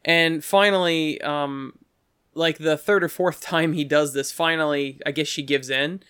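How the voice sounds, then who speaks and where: A man's voice: fairly even intonation, unhurried, a bit bright, clear, resonant tone, dry recording, clean studio sound. A man telling a rambling story in casual chat, breaking into quoted voices now and then. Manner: rambling, acts out quoted voices with pitch jumps.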